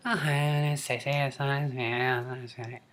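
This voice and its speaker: A breathy, babyish young woman model with a valley-girl lilt and a high, bright, gushing tone, put on by a man telling a story. She chatters on in a tiny-child voice. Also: flat delivery, fairly quick, natural voice.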